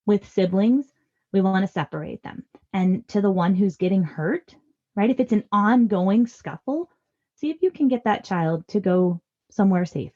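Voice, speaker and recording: A woman's voice: medium pitch, lively intonation, moderate pace, lo-fi sound. A woman in her thirties giving earnest, reassuring parenting advice in a podcast conversation. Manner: earnest and reassuring, acts out parent lines softly. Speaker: parenting guest expert.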